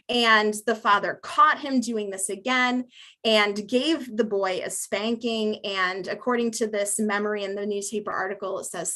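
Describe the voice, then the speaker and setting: A woman's voice: fairly high pitch, moderate pace, sharp tone. A woman giving a museum lecture on local history, chatty and amused, with many fillers. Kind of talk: public history talk with slides.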